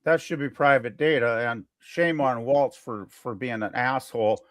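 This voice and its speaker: This podcast co-host rambles casually with lots of fillers and false starts, speaking at normal speed. He has a mid-range voice, and the studio sound is clean with no echo.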